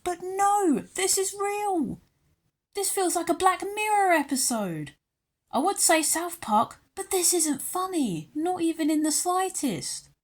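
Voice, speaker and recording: A young British woman ranting angrily into her channel's camera, sarcastic and worked up, her pitch jumping up and down as she talks. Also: big pitch swings, unhurried. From United Kingdom. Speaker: YouTuber. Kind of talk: ranting vlog commentary.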